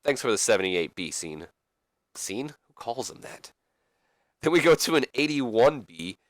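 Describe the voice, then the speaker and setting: A man's voice: medium pitch, very animated, measured pace, dry recording, clean studio sound. A man hosting a gaming channel, giving casual, rambling game commentary and correcting himself as he talks to viewers.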